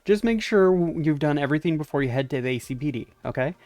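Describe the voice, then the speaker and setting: A man's voice: a little high, animated, quick pace, darkish tone, no room sound, lightly acted. A man reading the lines of a laid-back male police captain in a game, in a matter-of-fact, wry way.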